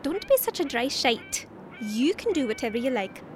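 A woman with an Irish accent, brisk and bossy in an audio drama. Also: sits high, very animated, a little hiss or hum. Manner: brisk, bossy, keeps a partner on task.

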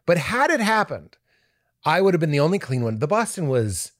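A middle-aged male comedian telling an animated story in a podcast conversation, jumping into high-pitched impressions. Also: a little fast. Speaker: comedian guest.

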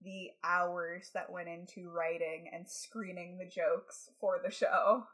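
A woman's voice: fairly low pitch, fairly even intonation, slow, fairly bright tone, slightly rough. A woman co-hosting a casual chat, talking in a wry, chatty, self-deprecating way.

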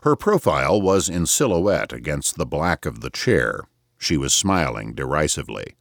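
Male audiobook narrator, very deep voice, expressive first-person reading, dry close mic. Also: normal speed, gravelly, dry recording.

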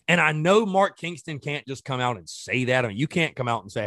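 A man's voice: a little high, lively intonation, brisk, few pauses, fairly bright tone, no room sound, studio quality. A man hosting a sports podcast, ranting in an exasperated way and firing off rhetorical questions in casual commentary.

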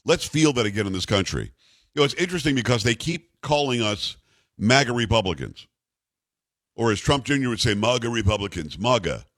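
A man's voice: medium pitch, expressive, a little fast, fairly bright tone, dry recording. A man hosting a talk radio show, delivering a sarcastic, emphatic political monologue into a studio microphone.

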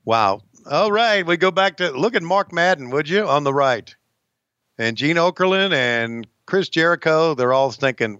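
A man hosting a podcast in casual chat, talking haltingly with many pauses and restarts. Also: fairly high pitch, expressive, fairly bright tone, dry recording, lo-fi sound. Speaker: podcast host, wrestling announcer.

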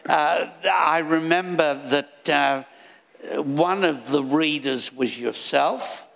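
An older man speaking slowly with a gravelly, dry wit. His voice carries a long reverb tail from a live venue stage. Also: on the high side, fairly bright tone. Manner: dry, wry humor. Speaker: author guest. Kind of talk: live event speech.

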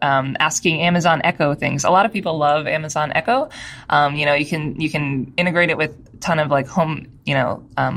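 A woman's voice: deep voice, a bit bright. A woman co-hosting a casual podcast, speaking with a slight lisp, chatty and posing questions to the others. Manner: chatty, questioning, laughs often. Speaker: podcast co-host. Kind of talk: casual chat.

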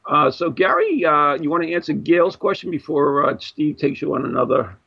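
A man co-hosting a radio show, brisk and interrupting to read a listener question. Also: a little high, sing-song, gravelly, husky, no echo, dull audio. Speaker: radio co-host reading chat questions. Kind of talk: casual radio chat.

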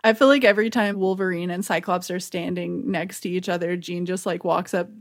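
A woman's voice: on the low side, steady tone, a little fast. A young woman chatting casually about a cartoon, giving wry commentary and laughing. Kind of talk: casual chat recapping a cartoon.

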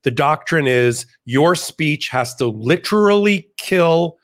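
Male legal pundit guest; animated, argumentative, quick restarts, somewhat raised pitch. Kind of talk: conversational interview.

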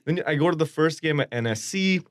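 A man in his twenties or thirties with a non-American accent, telling lively anecdotes as a podcast guest and acting out quoted lines. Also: on the high side, fairly quick, dry recording. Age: 20s to 30s. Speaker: supporters group member, guest. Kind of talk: casual storytelling chat.

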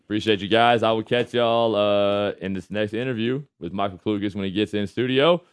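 A football quarterback hosts a sports radio show, speaking into a studio microphone in a lowish, clean voice, a little fast and echo-free. He chats casually and laughs, calling people "man" and "brother."

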